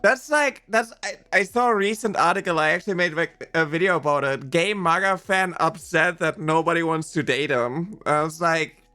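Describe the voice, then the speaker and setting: A streamer host in casual chat who reacts loudly and laughs often. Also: medium pitch, moderate pace, few pauses.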